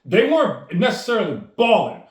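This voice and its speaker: Animated man telling a story, high lively voice. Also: a little fast, reverberant. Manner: enthusiastic, acts out quoted dialogue. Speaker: storyteller and speaker.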